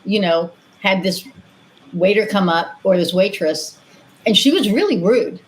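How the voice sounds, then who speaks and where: A woman from New York hosting a podcast, telling stories in an animated, excitable way. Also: mid-range voice, unhurried, rough recording. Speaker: podcast host. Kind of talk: casual podcast conversation.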